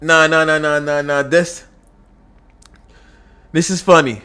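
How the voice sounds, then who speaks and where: A man's voice: a little high, steady tone, slow, sharp tone. A man reacting to clips, laughing almost nonstop and talking in slangy, profane casual speech. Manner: laughs constantly, slangy, swears. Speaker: reaction streamer.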